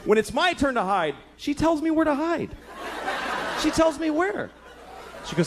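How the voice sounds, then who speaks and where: A man's voice: very high-pitched, wildly swooping pitch, measured pace, long pauses. A man in his thirties doing a stand-up comedy set, profane and exasperated, acting out voices as he goes, with audience laughter on a live stage mic. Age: 30s. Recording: live club set with crowd laughter and noise.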